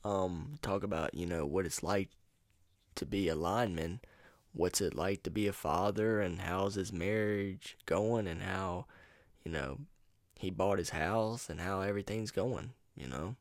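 A man's voice: deep voice, unhurried, dry recording, clean studio sound. A man hosting his own solo podcast, rambling in a casual, profane, laid-back way into a USB microphone at home. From North Carolina. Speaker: podcast host.

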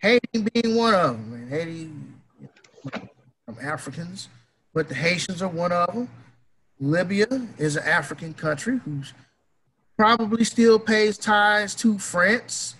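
A man delivers a fired-up, profane opinion rant and hammers home his points. His voice is high and bright. A faint hiss sits behind it. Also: measured pace, rough recording. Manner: emphatic, profane and heated.

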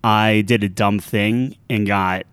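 A man's voice: fairly low pitch, steady tone, takes it slowly, fairly bright tone, smooth, dry recording. A man co-hosting a podcast, rambling and hesitant in casual chat, speaking into a studio microphone. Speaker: podcast co-host. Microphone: studio dynamic microphone.

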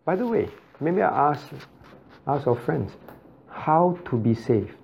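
A man's voice: on the high side, sing-song, takes it slowly, vocal fry, slight background noise. A man, a pastor teaching a Bible study who keeps asking the class questions and repeating key points. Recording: dull lo-fi recording.

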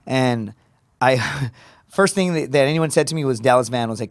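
A man's voice: medium pitch, fast, no room sound. A man, a comedian guest, telling stories in casual podcast chat with lots of swearing and energy. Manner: profane, energetic storytelling.

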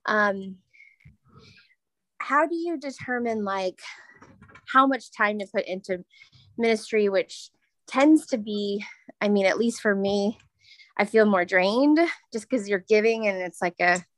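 Woman asking a question, halting with fillers, dry close sound. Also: medium pitch, fairly bright tone, dry recording, low-quality recording. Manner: hesitant, many fillers and "like". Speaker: audience member asking a question.

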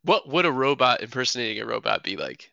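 A young man co-hosting a podcast, with a gravelly, very bright and sharp voice that sounds close and dry. He teases his friends with dry humor in an easy, casual chat. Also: medium pitch, sing-song, fast talker, dry recording, dull audio. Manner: dry, teasing. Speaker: podcast co-host.

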